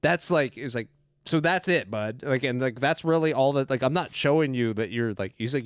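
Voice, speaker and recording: A man's voice: mid-range voice, normal speed, clean tone, no echo, clean studio sound. A man co-hosting a movie podcast, chatting casually, laughing often and acting out quotes from the film. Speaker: podcast co-host. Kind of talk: casual movie review chat.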